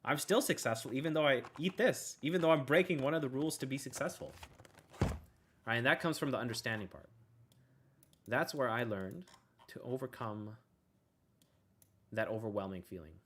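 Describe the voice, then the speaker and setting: A laid-back man talks through self-help advice in a loose, rambling way. His voice sits at an ordinary middle pitch, and he keeps tacking "right?" onto his points. He drops in casual slang and the odd curse. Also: normal speed, pauses often, fairly bright tone, a little hiss or hum. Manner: laid-back, says "bro" and swears. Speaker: self-help video host. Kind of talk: casual motivational talk.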